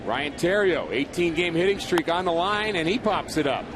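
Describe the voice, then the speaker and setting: A man calling baseball play by play from the booth, his voice sitting fairly high for a man. He chats easily and slips sponsor reads in between plays. Clear stadium ambience and background noise run under the broadcast. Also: lively intonation, normal speed. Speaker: play-by-play announcer. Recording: broadcast audio with clear crowd and ambience behind.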